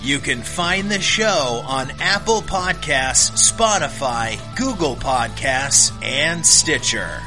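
A man reading a podcast outro in a measured, promotional way over a music bed. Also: medium pitch, lively intonation. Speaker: podcast host. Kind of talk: scripted outro.

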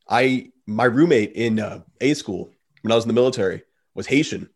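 A man's voice: on the low side, fairly quick. Casual rambling male podcast host. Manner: rambling storytelling with many fillers. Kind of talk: casual interview talk.

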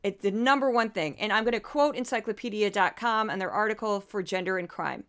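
A woman's voice: mid-range voice, a little fast, fairly bright tone, clean tone. A woman hosting a podcast, delivering indignant, impassioned commentary and getting worked up as she argues. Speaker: podcast host.

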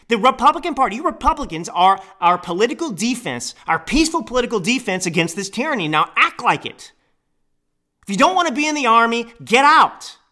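A man's voice: very high-pitched, sharp tone. A man hosting a podcast, giving an indignant political commentary monologue with repeated restarts. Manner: fiery, indignant, repetitive restarts. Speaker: podcast host.

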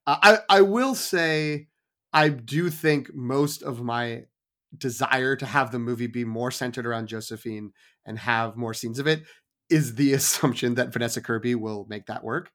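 A man chats casually as a podcast co-host, easygoing and joking. His voice sits at an everyday middle pitch. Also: moderate pace, a bit bright. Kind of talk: casual chat.

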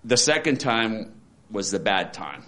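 A man in his sixties giving a candid, rambling personal testimony with dark humor, often restarting his sentences. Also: lowish voice, sing-song, unhurried. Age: 60s. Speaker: interviewee. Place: support center.

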